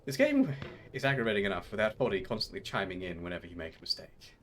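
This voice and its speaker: A man's voice: lowish voice, sing-song, fast, a little hiss or hum. Exasperated breathless male game streamer. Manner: exasperated, talks to chat between groans and yelps. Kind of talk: live game stream chat.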